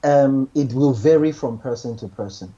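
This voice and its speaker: A man's voice: mid-range voice, moderate pace, warm tone, breathy edge, highs cut off. A man giving relationship advice in a casual chat, earnest, often repeating and restarting his words.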